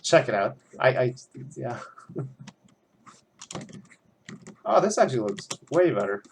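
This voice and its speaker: Young guy rambling while he paints at home, swears a lot, normal pitch, bit of noise behind. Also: big pitch swings, slow, vocal fry. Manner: rambling, chatty, swears freely. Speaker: art student drawing on stream. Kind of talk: casual commentary while drawing.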